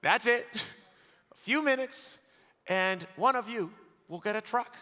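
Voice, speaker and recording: A high, bright-toned man delivers an excitable conference keynote from the stage. His voice rings with a forceful edge. Long reverb from a big hall trails every phrase. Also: takes it slowly. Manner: energetic, excitable, laughs often. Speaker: conference host giving closing remarks.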